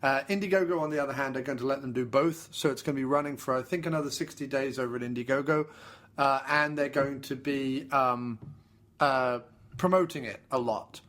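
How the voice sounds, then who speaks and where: A man's voice: mid-range voice, brisk, fairly bright tone. A man co-hosting a casual film podcast, talking enthusiastically with lots of "uh" fillers and repeated pleas. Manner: enthusiastic, pleading, frequent fillers. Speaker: podcast co-host.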